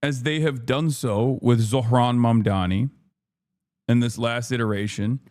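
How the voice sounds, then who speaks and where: A man's voice: medium pitch, fairly even intonation, unhurried, a little mellow, no echo, clean studio sound. Man ranting heatedly on a stream. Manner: slips into mocking put-on voices. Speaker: streamer host. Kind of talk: live-stream political commentary.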